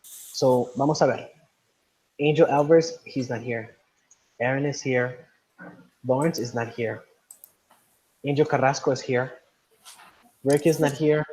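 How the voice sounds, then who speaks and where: A man's voice: medium pitch, fairly even intonation, measured pace, pauses often, darkish tone, low-quality recording. A man teaching an online class, patient, often checking understanding with "right?". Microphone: video call.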